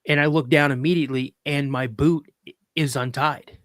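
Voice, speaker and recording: A man, a podcast guest, telling a story in a casual, animated way with acted quotes. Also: on the high side, normal speed, no echo, studio quality. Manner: rambling with restarts.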